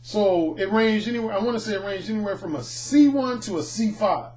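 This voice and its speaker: A middle-aged man, a dating coach, telling a personal anecdote in an animated, storytelling way. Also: sits high, fairly quick. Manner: animated, acts out the people in his anecdotes. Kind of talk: storytelling monologue.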